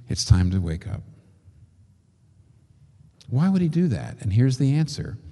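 A man preaching a sermon, working through rhetorical questions and slow, emphatic repetitions. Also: mid-range voice, warm tone. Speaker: pastor. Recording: long reverb of a large hall.

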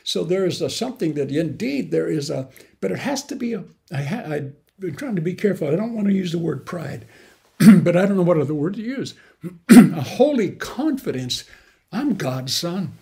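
Gravelly earnest male preacher. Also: high voice, big pitch swings, dark tone. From grew up in the mountains. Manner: earnest, rising emphatic bursts with halting restarts. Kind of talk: sermon.

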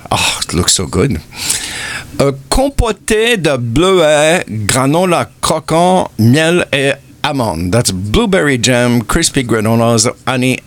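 Man, radio host, casual chat, slow unhurried pace, mid pitch, rambling with ums, mixes in phrases. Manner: unhurried and chatty, trails off with many ums, mixes French phrases into English. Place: radio studio.

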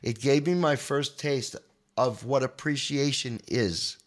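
On a podcast, a man in his sixties who plays guitar shares an emotional story in a manic, animated rush of words, often repeating himself. His voice is mid-range and his pace a little slow.

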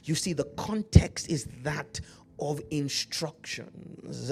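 A man's voice: a little high, animated, gravelly, slightly rough. Emphatic preaching man with an African accent. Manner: emphatic preaching, slows to read scripture, calls out to the congregation. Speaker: pastor. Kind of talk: sermon.

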